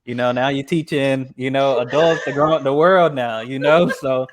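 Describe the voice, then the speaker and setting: Enthusiastic American host from Texas. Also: male voice, mid-range voice, normal speed. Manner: enthusiastic, repeats his praise, rambling. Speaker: podcast host. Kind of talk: casual interview chat.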